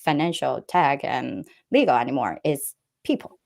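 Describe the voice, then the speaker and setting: A woman's voice: very deep voice, sing-song, moderate pace, creaky, darkish tone. A woman giving earnest business advice as an interview guest, often checking in with "right?". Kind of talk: interview answers.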